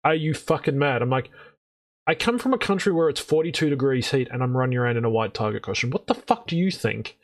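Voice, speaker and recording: A man's voice: medium pitch, fast. A man telling a story on a podcast, swearing freely and acting out what people said. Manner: swearing, animated, acts out quoted voices. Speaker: podcast co-host. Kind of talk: casual storytelling chat.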